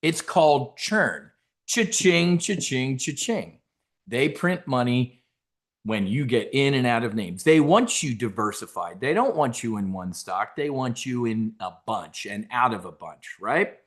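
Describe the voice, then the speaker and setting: A brash man hosting a trading show, blunt and boastful with a middle-pitched voice. He talks loud and cocky, peppering his pitch with fighter-pilot slang. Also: sing-song, a little slow. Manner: loud and swaggering, full of fighter-pilot talk. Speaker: options trading educator. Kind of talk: energetic market webcast.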